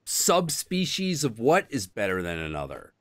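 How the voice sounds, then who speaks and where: A man hosting a casual chat, telling crude stories and jokes with sudden squeaky put-on voices. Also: moderate pace, crowd noise. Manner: crude, animated storytelling with sudden high squeaky impressions. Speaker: host.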